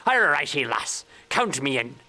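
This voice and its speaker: A woman's voice: a bass voice, sing-song, a little slow, bright, forceful tone, faint music behind, heavily acted. A woman putting on a mock British pirate accent to voice a boisterous old male pirate while reading game dialogue aloud. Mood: hearty.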